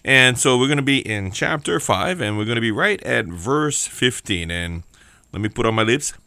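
A man's voice: mid-range voice, lively intonation, normal speed, creaky, bright, forceful tone, no echo. A man with a Hawaiian accent giving a casual, joking sermon as host, chatty and playful. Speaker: church devotional host.

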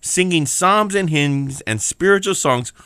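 A man's voice: a little high, animated, measured pace, sharp tone, clear, resonant tone, no echo. A man with a Hawaiian accent giving a casual, joking sermon as host, chatty and playful. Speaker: church devotional host.

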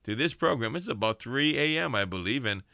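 A man's voice: mid-range voice, lively intonation, a little fast, vocal fry, pushed and bright, dry recording, studio quality. A man preaching fervently on a radio show, repeating phrases for effect as he encourages prisoners. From Hawaii. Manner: fervent, preacherly, rhetorical repetition. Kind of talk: radio sermon and shout-outs.

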